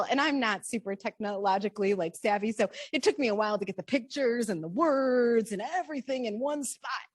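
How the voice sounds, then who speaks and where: A woman author giving a library talk, telling her story with lively animation and questions to the audience. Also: on the high side, brisk, hardly any pauses. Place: library program room.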